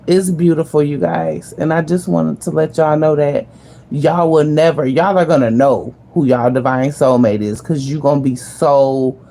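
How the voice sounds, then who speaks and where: Speaking straight to her viewers in a deep, mellow voice, this vlogger keeps things heartfelt and casual, leaning on slang and spiritual ideas and emphatically repeating herself.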